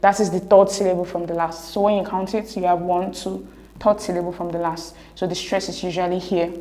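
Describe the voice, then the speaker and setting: A woman's voice: lowish voice, mellow. Woman as exam tutor, methodical, patient step-by-step delivery. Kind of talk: explaining exam answers.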